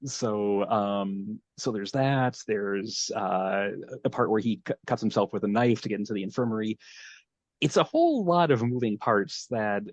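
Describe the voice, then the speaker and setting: Male podcast host, low register, rambling recap delivery, muffled lo-fi mic. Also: lively intonation, unhurried. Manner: meandering storytelling, thinking aloud. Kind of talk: casual chat, episode recap.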